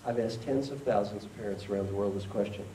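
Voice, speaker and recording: A man's voice: lowish voice, quick pace, a crowd in the background. A man giving a motivational keynote talk who leads the audience in call and response. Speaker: keynote speaker. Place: conference hall with an audience. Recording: echoey hall, distant mic, faint noise.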